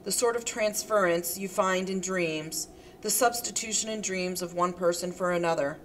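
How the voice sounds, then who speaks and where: A woman's voice: on the low side, slight background noise, lightly acted, rough recording. A woman reading a cool, analytical woman. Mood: measured. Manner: cool, detached, measured. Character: calm, analytical woman with medical insight.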